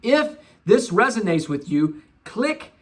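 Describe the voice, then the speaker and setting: Husky man preaching self-help. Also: high voice, big pitch swings, takes it slowly. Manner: earnest, preachy, with casual swearing. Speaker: motivational vlogger. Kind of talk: motivational self-help talk.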